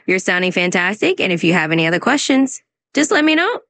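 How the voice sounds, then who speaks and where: A woman's voice: fairly low pitch, very animated, quick pace, fairly bright tone, no echo. A synthetic woman's voice acting as an AI English tutor, upbeat and encouraging as she answers questions and gives pronunciation tips. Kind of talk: scripted conversation practice.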